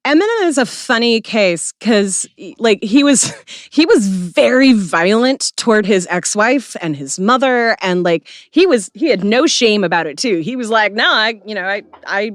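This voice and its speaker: A woman co-hosting a podcast in casual chat, blunt and quick to swear. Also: mid-range voice, sing-song, no room sound, studio quality. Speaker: podcast co-host.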